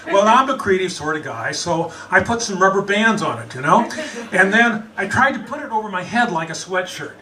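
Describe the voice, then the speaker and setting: A man from the United States telling a humorous personal story, animated and chuckling as he goes. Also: sits high, normal speed, far from the mic, rough recording.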